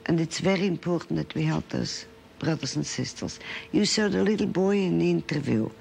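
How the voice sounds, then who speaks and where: A woman's voice: deep voice, fairly quick, gravelly, a little mellow, a little hiss or hum. A woman psychiatrist giving a lecture and telling case stories, earnestly checking in with her listeners. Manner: earnest storytelling, checks in with the audience.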